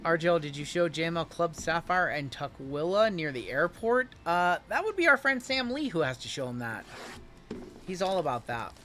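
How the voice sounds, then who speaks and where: A man's voice: fairly high pitch, big pitch swings, normal speed, sharp tone, a little hiss or hum. A man hosting a live card-break stream, calling out each pull in an upbeat, chatty, teasing way.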